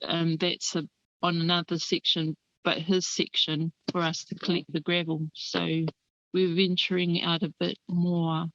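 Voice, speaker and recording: A woman answering interview questions in a hesitant, subdued way, with many pauses. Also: on the low side, flat delivery, fairly bright tone, no echo. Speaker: interview guest. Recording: dull, lo-fi, dry remote line.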